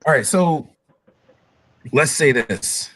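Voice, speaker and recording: A man's voice: fairly high pitch, expressive, takes it slowly, a bit bright, slightly rough. A man hosting a casual debate, hedging with "like" and asking pointed questions. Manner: hedging, uses like a lot, asks pointed questions.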